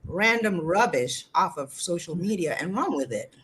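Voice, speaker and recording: A woman guest on a casual panel discussion, speaking in a measured, explanatory way. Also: fairly low pitch, animated, a bit bright, breathy edge.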